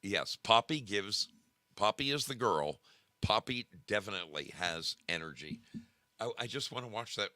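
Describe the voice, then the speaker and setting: A man hosting a casual livestream, animated and emphatic, often repeating himself. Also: lowish voice, normal speed, no echo, clean studio sound. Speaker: show host.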